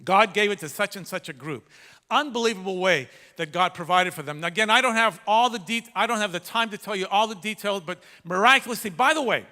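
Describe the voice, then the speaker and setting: A middle-aged man preaching a sermon, telling a story with dramatic swings from loud to hushed. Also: sits high, brisk. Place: large church hall. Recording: echoey church hall.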